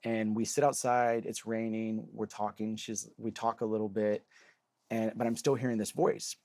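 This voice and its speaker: A man's voice: on the low side, flat delivery, moderate pace, darkish tone, dry recording. A man, a comedian, telling a long story in casual chat, rambling with lots of "like" and acting out what people said. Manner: rambling, heavy use of "like", acts out quoted voices. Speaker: comedian guest.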